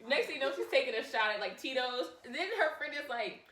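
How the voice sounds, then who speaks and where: A woman's voice: high-pitched, lively intonation, pushed and bright, roomy sound, far from the mic, low-quality recording. A woman in her thirties co-hosting a podcast, chatting casually and teasing her friend. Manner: teasing, quick interjections. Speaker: podcast co-host. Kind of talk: casual chat.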